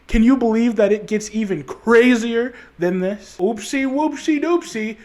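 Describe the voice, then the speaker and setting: A man hosting a casual comedic movie recap in a jokey, rambling, excitable way. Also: sits high. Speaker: channel host, movie recapper.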